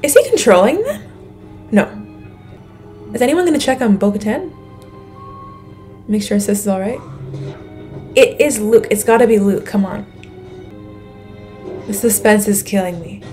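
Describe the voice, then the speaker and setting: A young woman reacting out loud to a show, gasping and thinking aloud as she watches. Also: medium pitch, unhurried, long pauses, soft background music. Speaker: reaction video host. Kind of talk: live reaction commentary.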